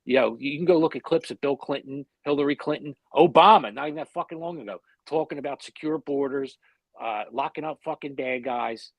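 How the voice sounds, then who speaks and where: A man with a husky, slightly rough voice holds forth bluntly on a podcast, swearing freely and pressing his points. The sound is dry and close, with no room around it. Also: medium pitch, brisk, no echo. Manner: blunt, heated, heavy swearing. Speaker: podcast co-host. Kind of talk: casual podcast chat.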